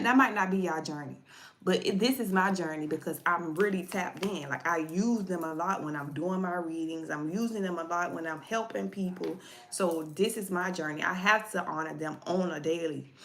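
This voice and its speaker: A woman's voice: fairly low pitch, sharp tone. A woman tarot reader telling a personal story to viewers in a casual livestream, chatty and repetitive, often addressing her audience directly. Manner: chatty, repeats herself, speaks directly to viewers.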